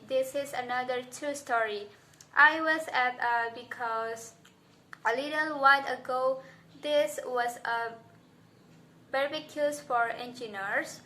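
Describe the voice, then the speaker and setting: Native english speaker woman doing a stage talk, high bright voice, slow and emphatic, keeps asking the audience stuff. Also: a little hiss or hum. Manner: deliberate, emphatic, addresses the audience directly. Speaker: conference speaker. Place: stage before a live audience.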